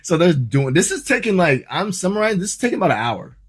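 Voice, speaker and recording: Male podcast guest from Ohio, lively pitch, casual storyteller who swears and acts out his reactions. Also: quick pace, slightly rough. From Ohio, USA.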